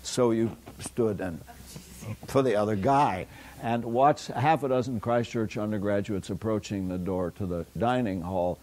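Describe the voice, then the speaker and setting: An older man lectures a university class, a somewhat low voice. He rambles through anecdotes, stopping often for fillers and starting sentences over. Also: a little slow, darkish tone. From United States. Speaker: philosophy lecturer. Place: lecture hall.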